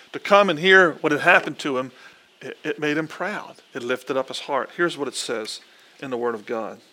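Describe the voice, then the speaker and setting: A man preaching with an earnest, animated delivery who acts out the quoted lines. His voice is bright and fairly high for a man. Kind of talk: sermon.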